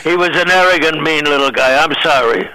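An older man, a veteran comedian, telling show business stories in a lively, laughing way. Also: a little high, fairly quick, low-quality recording. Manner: animated storyteller, laughs often, acts out quotes. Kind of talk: casual anecdote chat.

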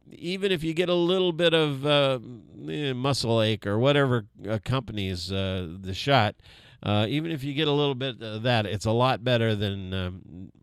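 An older man hosting a radio show, his voice sitting a little low. He rambles in a folksy way, full of "uh" and side stories, close to a dry studio microphone. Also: clean tone, no echo. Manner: rambling, many fillers, folksy asides. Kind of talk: casual on-air talk.

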